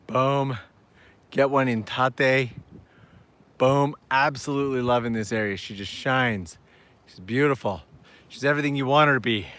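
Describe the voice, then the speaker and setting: An upbeat man chatting casually to his viewers while he walks outdoors. His voice sits at an ordinary middle pitch. He is climbing hillside steps as he talks, and the talk keeps moving. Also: sharp tone. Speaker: travel vlogger hosting a live stream. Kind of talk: casual live-stream chat while walking.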